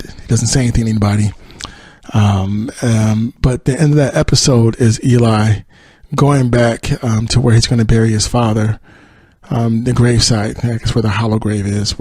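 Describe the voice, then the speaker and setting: A man's voice: medium pitch, steady tone, normal speed, a little mellow, slightly rough, no echo. A male podcast host casually retelling a TV episode, rambling with many fillers and acted-out quotes.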